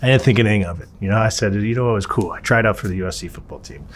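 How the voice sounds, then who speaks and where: A man in an interview, telling a story from his past in a lively, profane way and acting out the people he quotes. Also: lowish voice, racing, a little hiss or hum. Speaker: interview subject.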